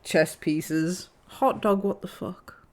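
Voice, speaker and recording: Slow-talking British woman streamer, swearing. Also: fairly low pitch, darkish tone, a little hiss or hum. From Britain. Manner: swears often, laughs between lines. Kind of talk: casual gaming stream banter.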